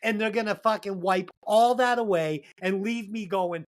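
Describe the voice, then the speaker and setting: Woman co-host, casual movie-review banter, heavy swearing, emphatic and animated delivery. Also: mid-range voice, normal speed. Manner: profane, animated, emphatic storytelling. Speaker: podcast co-host.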